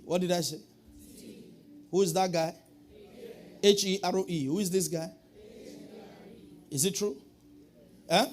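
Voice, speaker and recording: A man preaching a sermon, calling out to the congregation and swinging from quiet asides to shouting. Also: high voice, slight background noise. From Nigeria. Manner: preaching with call-and-response, swinging from soft to shouting. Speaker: pastor.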